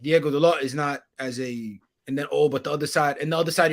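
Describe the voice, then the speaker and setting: A man's voice: on the high side, fairly even intonation, fast. Laid-back man rambling about football. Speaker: guest. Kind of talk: casual football chat.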